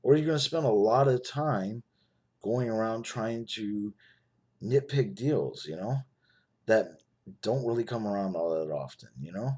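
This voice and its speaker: A man making a casual, persuasive sales pitch to the camera, often checking in with "right?" and "you know". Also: expressive, measured pace, a little mellow, slightly rough. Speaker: network marketing promoter.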